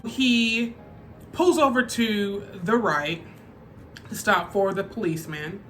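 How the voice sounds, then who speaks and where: A woman's voice: medium pitch, lively intonation, measured pace, a bit bright, a little hiss or hum. A woman telling a personal story on her vlog in a casual, chatty way, full of fillers. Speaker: vlogger. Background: faint background music.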